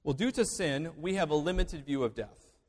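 Male pastor, sermon, high voice, lively swinging pitch, long hall reverb. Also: normal speed. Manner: emphatic, swings between loud declarations and hushed asides.

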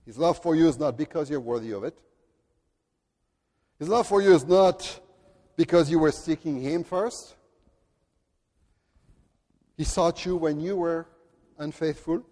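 A man with a French accent preaching a sermon in an earnest, deliberate way, at times speaking directly to children. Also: fairly high pitch, mellow, long reverb tail. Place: church.

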